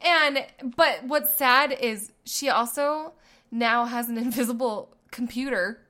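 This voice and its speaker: Brief: woman, 30s, podcast co-host, high bright voice, animated storyteller. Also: slow. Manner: animated storytelling, laughing often. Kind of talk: casual chat.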